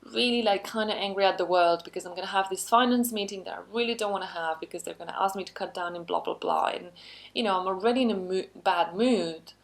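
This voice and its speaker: A woman's voice: mid-range voice, fast, hardly any pauses. A woman trainer giving an online lesson in a chatty, conversational way, with frequent asides and upbeat emphasis. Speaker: workplace skills trainer.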